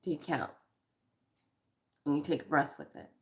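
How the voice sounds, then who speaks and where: A woman gives a guided spiritual card reading, speaking slowly and reflectively in a low-sitting voice. She repeats her questions to the listener.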